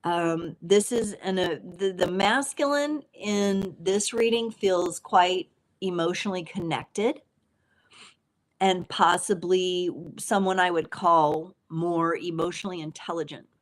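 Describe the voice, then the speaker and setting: Woman tarot reader, lowish voice, chatty and playful, live-stream host. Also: slow. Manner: chatty and playful, with frequent fillers and laughs. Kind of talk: casual live tarot reading.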